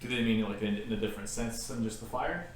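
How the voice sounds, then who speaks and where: Fast-talking man, distant, in echoey room. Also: mid-range voice, a little hiss or hum. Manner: hedging, many fillers. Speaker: Bible study participant. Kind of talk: casual group discussion. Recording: echoey room, far from mic.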